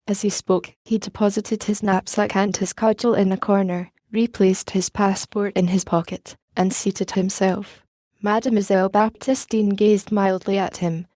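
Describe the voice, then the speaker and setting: A woman reading a classic novel aloud as an audiobook narrator, at an even, unhurried pace. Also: mid-range voice, no room sound, studio quality. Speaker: audiobook reader.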